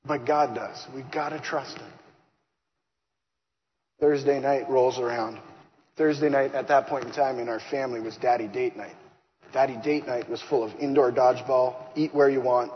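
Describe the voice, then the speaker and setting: A man giving a lively faith testimony, acting out the dialogue as he tells his story. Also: medium pitch, moderate pace. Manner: animated, acts out dialogue. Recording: long hall reverb, slightly dull, faint hiss.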